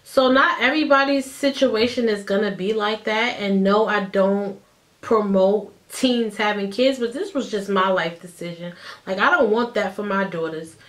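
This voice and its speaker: A woman in her thirties, telling a personal story to the camera in a chatty, animated way and acting out what others said. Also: mid-range voice, moderate pace. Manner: animated, chatty, acts out quotes. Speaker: vlogger. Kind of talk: casual storytime.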